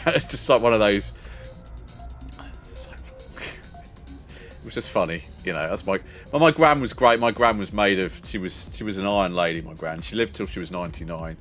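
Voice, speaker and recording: An older man chatting away to his viewers in a lowish voice, rambling from one thought to the next and laughing along the way. Faint music plays quietly behind him. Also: expressive, a little fast. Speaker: streamer. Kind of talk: casual chat with viewers.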